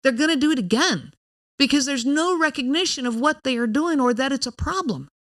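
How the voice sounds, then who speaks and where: A woman's voice: high voice, fairly quick, fairly bright tone. A woman hosting a podcast, explaining in an earnest, direct way and speaking straight to the listener. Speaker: podcast host.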